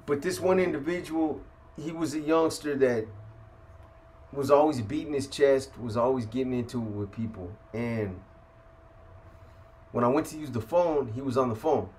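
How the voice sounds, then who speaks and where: Sf dude telling prison stories, cussing, lots of "you know, man", middle pitch. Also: moderate pace, long pauses, a little mellow. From San Francisco. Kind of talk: casual storytelling.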